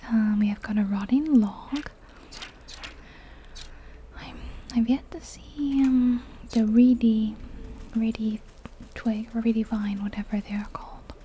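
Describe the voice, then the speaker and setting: Soft-whispering woman ASMR gamer. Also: fairly high pitch, a little hiss or hum. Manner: soft, giggly, chatty. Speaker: ASMR game streamer. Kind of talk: whispered role-play.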